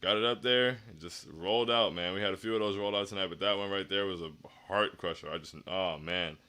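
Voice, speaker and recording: A man hosts a postgame livestream and reads chat comments aloud. He sounds dejected and down, often stopping to restart a thought. His voice sits low yet comes across bright and clear. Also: quick pace. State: down after a loss. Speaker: stream host.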